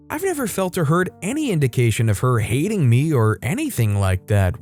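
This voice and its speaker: A man's voice: mid-range voice, wildly swooping pitch, brisk, few pauses, darkish tone, faint music behind. A man narrating online stories aloud, reading them out and adding wry comments between them. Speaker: story narrator.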